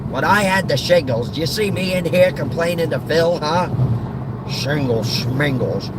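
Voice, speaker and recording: A man's voice: on the high side, lively intonation, measured pace. A man doing an impression of a crotchety, grumpy old man who gripes and sneers, over car road noise. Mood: scoffing. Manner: gruff, kvetching, sneering.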